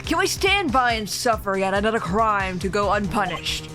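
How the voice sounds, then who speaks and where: A woman's voice: mid-range voice, sing-song, normal speed, close to an everyday voice. A woman voicing a haughty male head of state in a game, reading grandiose commanding lines over game music. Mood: pompous.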